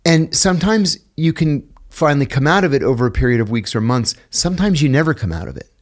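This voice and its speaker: Animated middle-aged man telling stories. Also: on the high side, fast talker. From United States. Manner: animated storyteller, acts out quoted voices, laughs at own stories. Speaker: podcast guest. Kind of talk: casual storytelling interview.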